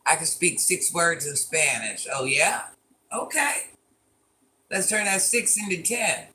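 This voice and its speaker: A woman's voice: lowish voice, sing-song, slow, sharp tone, slight background noise. A woman around fifty chatting on a phone livestream from her living room, reading viewer comments aloud and teasing back in a playful, repetitive way. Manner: chatty and teasing, repeats lines playfully, calls herself Granny.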